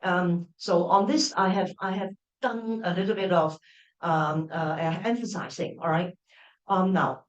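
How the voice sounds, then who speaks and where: A woman's voice: lowish voice, fairly even intonation, a little slow. Woman, university lecture, hesitant with many restarts, echoey room, distant mic. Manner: hesitant, with many restarts and fillers, checking in with "all right?". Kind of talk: academic lecture at an open day.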